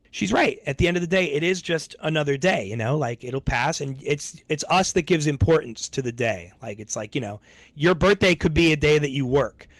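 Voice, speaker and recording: A man's voice: on the high side, no echo. A man streaming to his audience in rambling, laid-back casual chat, swearing freely.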